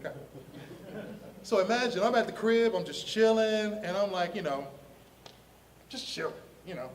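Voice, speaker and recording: A man from Ohio, a comic artist telling his story in a lively, slangy way, laughing often and acting out the voices of the people in it. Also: high-pitched, normal speed, recorded from a distance. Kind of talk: animated storytelling on a podcast.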